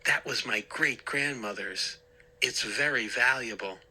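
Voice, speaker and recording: A man's voice: mid-range voice, measured pace, pushed and bright, husky, full character voice. A man doing a panicked young boy. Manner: panicked, pleading. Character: frightened young boy, desperate and pleading.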